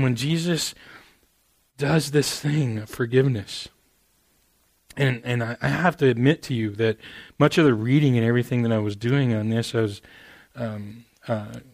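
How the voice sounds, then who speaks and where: A man preaching a sermon in a casual, earnest way, dropping "man" into his sentences and moving from hushed stretches to raised, emphatic ones. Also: medium pitch, steady tone, moderate pace, dry recording. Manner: conversational and earnest, with repeated "man"; swings from quiet intimate passages to raised emphatic ones. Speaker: pastor.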